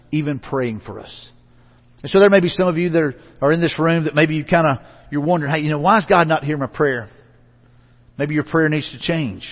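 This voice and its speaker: A man pastor preaching a conversational sermon in a church, repeating phrases and letting line endings drop soft. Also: a little high. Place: church sanctuary. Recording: dull, reverberant church hall recording.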